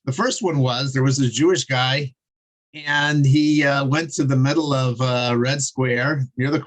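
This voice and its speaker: A man teaching a casual online Torah class over a video call, chatty and digressive, chuckling as he tells jokes. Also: on the high side.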